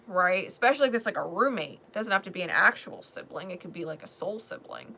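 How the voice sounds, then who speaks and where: Blunt sweary woman doing a tarot reading, kinda gravelly, bright edge. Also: lowish voice, expressive, fast, hardly any pauses. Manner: blunt and profane, swinging between loud emphasis and hushed asides. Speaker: tarot reader. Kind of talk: spiritual reading monologue.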